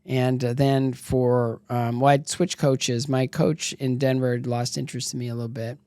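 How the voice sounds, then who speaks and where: A man's voice: medium pitch, level tone, normal speed, warm tone, smooth, no room sound, clean studio sound. A middle-aged man, a former athlete, telling candid, rambling stories as an interview guest and acting out the voices of people he quotes. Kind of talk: casual storytelling interview.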